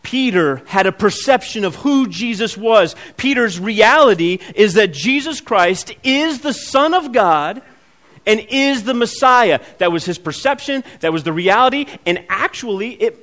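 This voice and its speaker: A high-pitched man delivers a sermon in a church sanctuary. He talks to the congregation like a conversation, acts out the people in the scripture, and then presses hard at the key points. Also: expressive, unhurried, a bit bright. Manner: conversational preaching, acts out quoted voices, builds to emphatic peaks. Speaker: pastor.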